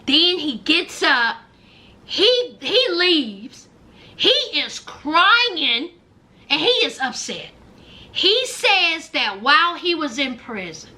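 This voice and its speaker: High, lively woman recapping reality TV. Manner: animated storyteller addressing viewers as y'all; exclaims and acts out quotes. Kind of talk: casual reality TV recap commentary.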